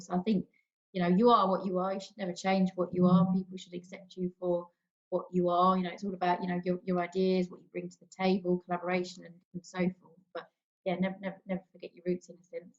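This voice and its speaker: East woman, panel guest, level, unhurried and reflective, slightly muffled line. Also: fairly low pitch. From east London. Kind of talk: casual panel discussion. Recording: dull lo-fi sound.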